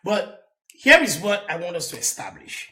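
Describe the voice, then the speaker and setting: A man's voice: sits high, huge pitch swings, normal speed, bright, forceful tone, roomy sound. A man hosting a live comedy chat show, joking and lecturing through examples. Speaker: comedian host.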